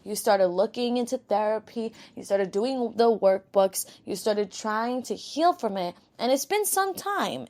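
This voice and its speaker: A woman's voice: mid-range voice, a little mellow. A young woman with a New York accent hosts her own podcast. She talks in a candid, rambling way and swears freely. She sounds tired after a full day of work. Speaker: podcast host. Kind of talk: casual self-help pep talk.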